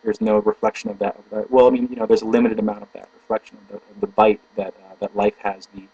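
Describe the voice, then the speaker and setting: Guy thinking out loud, halting and searching for words, dry close sound, muffled lo-fi with a hum. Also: on the low side, steady tone, slightly rough, no echo. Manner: slow, deliberate emphasis when reading passages. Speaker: video blogger reading philosophy aloud. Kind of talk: reading aloud then thinking out loud. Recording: dull, lo-fi home recording with mains hum.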